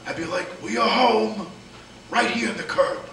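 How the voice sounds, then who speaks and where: A crude, oblivious single guy, put on by a man, with a high, sharp voice. It is heard from far off in an echoey room. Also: normal speed, a little hiss or hum. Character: crude single adult man looking for love.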